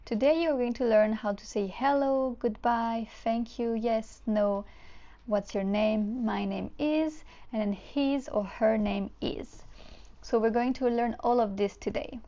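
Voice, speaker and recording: A woman teaching children, speaking clearly and patiently and repeating each word for the learners to copy. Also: on the high side, measured pace, dark tone, lo-fi sound. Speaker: French teacher. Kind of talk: slow, clear lesson for children.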